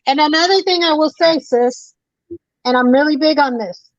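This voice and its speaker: Woman caller, high voice, emphatic and preachy, repeats lines, dull dry phone sound. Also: moderate pace, no room sound. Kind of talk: impassioned call-in talk.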